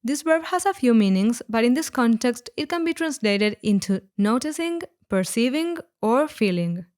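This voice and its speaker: Woman explaining language points clearly. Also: on the high side, lively intonation, darkish tone. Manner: clear, deliberate explaining, slowing on example words. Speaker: Spanish teacher. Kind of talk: scripted language lesson narration.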